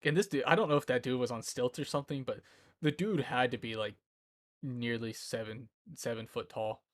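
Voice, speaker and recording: A man's voice: medium pitch, normal speed, dry recording. A man in his twenties chatting casually on a live stream from home, rambling and often breaking into laughter. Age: 20s. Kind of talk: casual chat. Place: indoor room at home.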